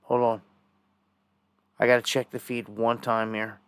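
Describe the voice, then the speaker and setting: A man's voice: mid-range voice, level tone, a little slow, a bit bright, smooth, no room sound. Indignant man ranting on a live stream. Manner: rambling, indignant, conspiratorial. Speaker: live news commentator.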